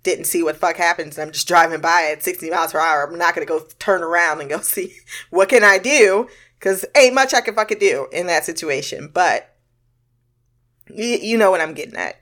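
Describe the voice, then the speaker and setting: A woman's voice: lowish voice, brisk, fairly bright tone. A woman casually commenting on a film, swearing freely and laughing often. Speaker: reaction commentator.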